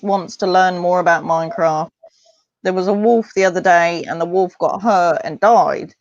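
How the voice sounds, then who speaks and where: A woman's voice: on the low side, no echo. A woman talking as a parent in a casual interview, chatty and rambling, often acting out what others said. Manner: chatty, rambling, acts out quoted voices. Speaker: parent guest. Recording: dull dry lo-fi sound.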